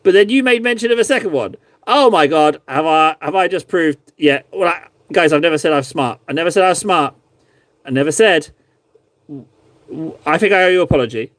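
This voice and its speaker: A man with a slightly higher voice chats casually on a stream, rambling and poking fun at himself as he goes. He is recorded close on a desk mic, with a dry sound and no room echo. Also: expressive, a little fast, fairly bright tone. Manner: rambling, self-mocking, playful. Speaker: streamer reviewing viewers' miniature paintings. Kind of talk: casual live-stream chat.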